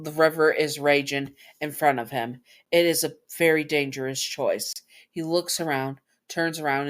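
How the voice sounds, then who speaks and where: A woman casually reading fan fiction aloud, stumbling over words and apologizing as she corrects herself. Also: low-pitched. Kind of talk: casual story read-aloud.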